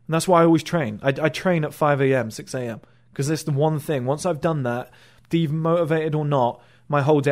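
A man's voice: a little high, a little mellow. A man hosting his own motivational channel, talking bluntly and sarcastically and mocking people's excuses in put-on voices. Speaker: motivational video host. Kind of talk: casual motivational monologue.

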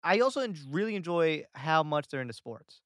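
A man with a lively, swinging voice tells stories and rants with rising emphasis on a casual podcast. He is a comedian, recorded close and dry with no room around him. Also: a little high, fairly quick, dry recording. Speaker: comedian guest.

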